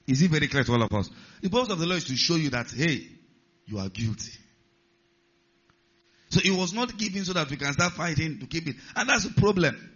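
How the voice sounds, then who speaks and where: A man's voice: fairly high pitch, very animated, fairly quick, a bit bright, breathy edge. A male pastor preaching a sermon, stressing key words and putting questions to the congregation. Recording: slightly muffled recording.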